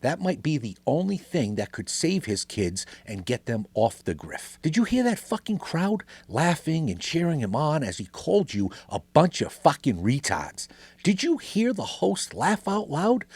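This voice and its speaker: A man's voice: mid-range voice, wildly swooping pitch, a little slow, darkish tone, slightly rough, no room sound. A middle-aged man hosting a podcast, delivering an angry, sarcastic, swearing political rant. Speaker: podcast host.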